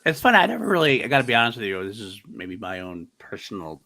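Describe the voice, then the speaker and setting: A man's voice: lowish voice, big pitch swings, quick pace, creaky, bright, forceful tone. A man moderating a movie debate show, joking around and laughing easily in a casual style.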